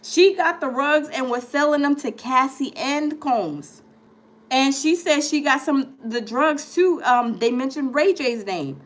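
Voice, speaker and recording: A woman's voice: high-pitched, measured pace. A woman hosting a live gossip stream, chatting animatedly with viewers and reading news aloud with lots of fillers and restarts. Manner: animated, chatty storyteller, talks to viewers as "y'all". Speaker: gossip livestream host. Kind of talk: casual live-stream commentary.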